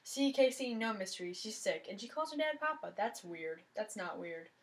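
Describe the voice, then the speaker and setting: A woman's voice: medium pitch, lively intonation, normal speed, close to an everyday voice. Woman reading as a clueless teenage boy. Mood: excited.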